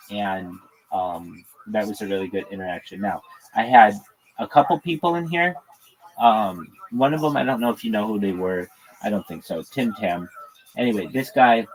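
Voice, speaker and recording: A man with a fairly low voice talks through a long, rambling story on his livestream. He swears freely and keeps it loose and conversational. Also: low-quality recording. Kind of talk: casual livestream monologue.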